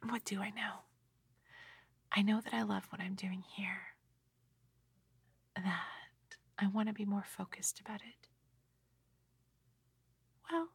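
Slow, breathy whispering woman, ASMR ramble. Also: medium pitch, no echo. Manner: soft, rambling, gently self-mocking. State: tired. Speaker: ASMR creator.

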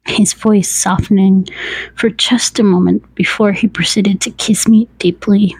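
Slow, gravelly woman narrating intimately. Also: medium pitch, fairly even intonation, no echo, low-quality recording. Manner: hushed, intimate, often slipping into whispers. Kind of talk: first-person erotic story narration.

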